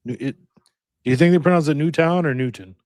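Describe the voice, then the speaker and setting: A man co-hosting a casual podcast, recorded dry and close with no room sound. He talks hesitantly and fills pauses with ums while he looks things up. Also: a little high, darkish tone, no echo. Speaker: podcast co-host.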